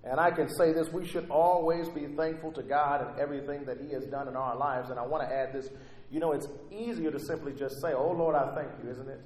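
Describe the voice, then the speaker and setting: A man's voice: fairly high pitch, fairly even intonation, brisk, a little mellow. A man preaching a sermon and reading scripture aloud, rising with fervor on quoted prayers. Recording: echoey hall with faint ambience.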